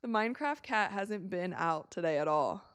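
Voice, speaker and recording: An excitable American woman streams casual live commentary while watching a game, tired and yawning yet quick to react and laugh often. Her voice is on the low side, and there's background noise.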